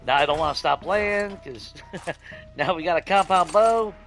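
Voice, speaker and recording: A young adult man hosting a let's-play, chatting casually to his viewers, swearing freely and swinging between grumbling and giddy excitement. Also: high voice, a little slow, faint music behind. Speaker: gaming channel host.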